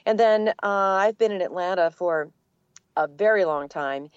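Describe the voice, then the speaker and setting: An older woman, a voice actor from the Boston area with a neutral standard accent, telling her story in a relaxed, articulate interview. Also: lowish voice, normal speed, smooth, no echo, highs cut off. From Boston area, USA. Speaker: guest, voice actor. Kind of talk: casual interview answers.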